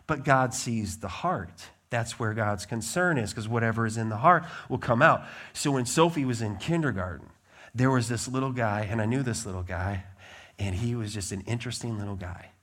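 A man's voice: medium pitch, normal speed. Emphatic male pastor preaching. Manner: emphatic, swings from loud declarations to quiet asides. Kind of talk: sermon.

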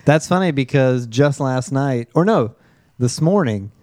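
A man's voice: medium pitch, lively intonation, a little slow, a little mellow, no echo. A man hosting a casual podcast chat, telling rambling stories and laughing often. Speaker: podcast host. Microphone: close podcast mic.

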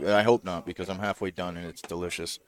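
A man's voice: low-pitched, level tone, fast, a crowd in the background. A man in his thirties co-hosting a casual tasting chat, jokey and enthusiastic, recorded live in a lounge. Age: 30s. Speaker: co-host.

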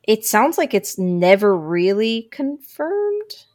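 A woman's voice: medium pitch, sing-song, slow pace, darkish tone, no room sound, clean studio sound. A woman co-hosting a podcast, chatting casually in a hesitant way, with lots of fillers and sentences that trail off. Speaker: podcast co-host. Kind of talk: casual chat.

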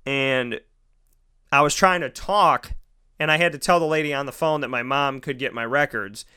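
A man's voice: medium pitch, moderate pace, bright, forceful tone, clean tone. A young man hosting a casual monologue, rambling through personal stories and acting out the people in them. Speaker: podcast host.

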